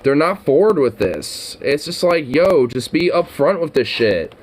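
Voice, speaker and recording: A man's voice: fairly high pitch, very animated, unhurried. A man hosting a casual chat, rambling with lots of fillers and swearing. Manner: rambling, full of "you know" fillers, swears. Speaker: podcast host.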